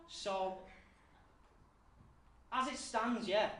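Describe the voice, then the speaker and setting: A man's voice: high-pitched, lively intonation, measured pace, pauses often. Profane ranting man doing stand-up. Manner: crude, profane rant, addressing the crowd. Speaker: comedian. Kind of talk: live stand-up routine. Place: live venue before an audience. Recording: roomy, distant mic, faint noise.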